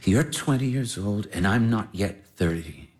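An actor playing an earnest, lovestruck young baron in a stage drama. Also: male voice, lowish voice, animated, a little slow. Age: young adult.

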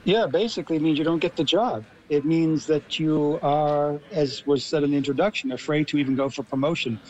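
American man explaining, somewhat high voice. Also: a little fast, a little mellow, highs cut off. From Los Angeles, USA. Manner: explanatory, builds arguments. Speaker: guest linguist. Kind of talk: radio interview.

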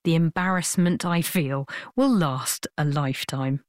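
A woman's voice: sits low, measured pace, no room sound, clean studio sound. A woman presenter telling a self-deprecating personal anecdote in a wry, scripted way. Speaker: programme presenter. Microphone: studio microphone.

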